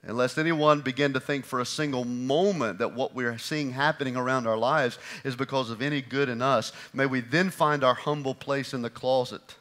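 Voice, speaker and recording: A man preaching a sermon as pastor in a church, moving from loud emphatic lines to quiet, hushed ones. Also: mid-range voice, moderate pace, few pauses. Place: church sanctuary.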